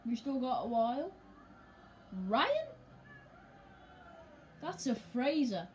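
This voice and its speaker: A woman commentating casually and excitably on her own football video game as she plays. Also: sits high, normal speed. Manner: chatty and excitable, talking to herself over gameplay. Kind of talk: let's play commentary.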